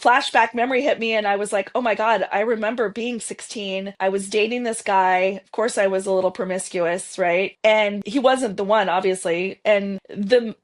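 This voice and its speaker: A woman's voice: mid-range voice, fairly even intonation, moderate pace, few pauses. Rambling woman in her fifties telling stories. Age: 50s. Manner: rambling, with restarts and self-quoting. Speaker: podcast guest. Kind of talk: casual storytelling interview.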